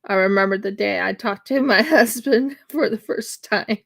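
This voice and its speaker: At home in winter, a woman chats casually while crocheting on her craft livestream, rambling with lots of fillers and restarts. Her mid-range voice is gravelly with a fairly bright tone, and she talks at a normal speed.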